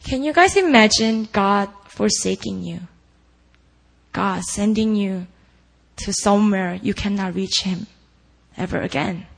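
A woman delivers a sermon at an unhurried, deliberate pace, with a gravelly, creaky edge to her voice. She speaks earnestly and keeps asking the listeners rhetorical questions. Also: medium pitch, low-quality recording. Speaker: preacher. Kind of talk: sermon at a prayer meeting.

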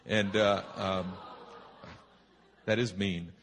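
A man preaching at a church retreat, telling a humorous personal story in an animated, rambling way full of restarts. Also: low-pitched, very slow, slight background noise. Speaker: pastor. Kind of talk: sermon storytelling. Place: retreat meeting hall.

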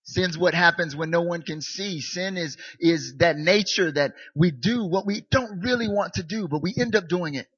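A male pastor delivering a sermon in a relaxed, candid style that pokes fun at himself. His voice is bright and forward with a husky grain. The sound is dry and a little dull. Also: high voice, normal speed, few pauses, no echo. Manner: candid, self-mocking, conversational preaching.

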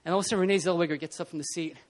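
A man preaching a casual, animated sermon in a church, often laughing and acting out scenes. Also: fairly high pitch, rapid-fire. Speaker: pastor. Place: church hall.

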